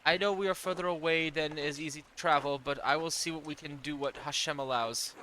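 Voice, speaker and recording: A man voicing an earnest young woman, reading her kind letter in a gentle way. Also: a little high, steady tone, fairly quick, noisy background, lightly acted.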